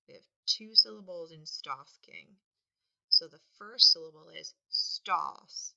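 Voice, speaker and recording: A woman teaching a spelling lesson, patiently sounding words out and stressing each one loudly. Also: low-pitched, slow, creaky. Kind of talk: slow, deliberate spelling lesson. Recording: dull lo-fi recording.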